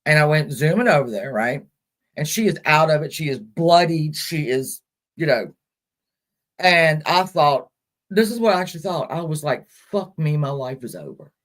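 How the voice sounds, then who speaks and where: A woman hosting a caregiver support live stream, talking in a casual, halting way with many fillers and restarts, and answering viewer comments aloud. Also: sits low, lively intonation.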